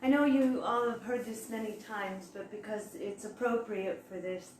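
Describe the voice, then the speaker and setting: A woman's voice: medium pitch, steady tone, moderate pace, a little mellow. A woman giving a devotional talk, telling a personal story and acting out the dialogue in it. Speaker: devotional speaker. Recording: echoey room with faint background noise.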